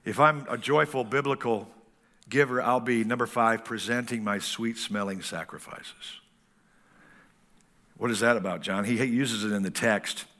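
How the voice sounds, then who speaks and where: A man's voice: mid-range voice, a little slow, sharp tone. A man in his sixties preaching a sermon as pastor, folksy and full of stories.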